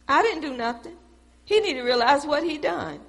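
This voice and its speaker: A woman's voice: high-pitched, animated, moderate pace, vocal fry, in a large hall. A woman preaching a sermon in a church, talking straight to the congregation in a conversational, emphatic way.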